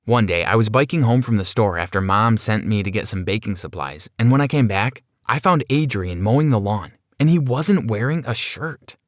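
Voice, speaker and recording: Man with a low, dry narration voice. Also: expressive, moderate pace, few pauses, no room sound. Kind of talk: scripted first-person story narration.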